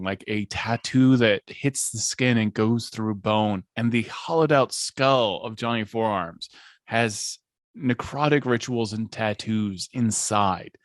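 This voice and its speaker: A man's voice: fairly low pitch, no room sound. A man narrating a tabletop game as dungeon master, describing the scene and sometimes restarting sentences.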